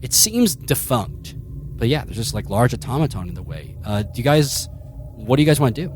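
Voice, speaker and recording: A man's voice: mid-range voice, sing-song, fairly quick, darkish tone, a little hiss or hum. Rambling male game master. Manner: rambling, full of fillers and restarts. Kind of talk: narrating a tabletop game.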